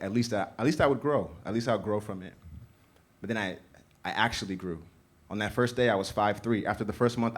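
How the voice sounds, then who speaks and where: A young man tells a personal story live, speaking earnestly in a steady rhythm. His voice sits a little low. He talks into a stage microphone in a small theater.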